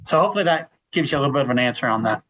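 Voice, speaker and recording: A man's voice: medium pitch, animated, racing, a bit bright, poor audio. Middle-aged male guest, emphatic Q&A answerer, leans on repetition. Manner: emphatic, repeats words, retells arguments. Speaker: guest speaker. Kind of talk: answering a question in a live Q&A.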